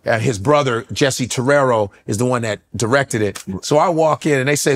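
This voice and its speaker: A middle-aged comedian from the United States, telling stories as a podcast guest with loud, profane energy. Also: male voice, mid-range voice, normal speed. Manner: profane, loud, jumps into impressions. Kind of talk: animated comedic storytelling. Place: podcast studio.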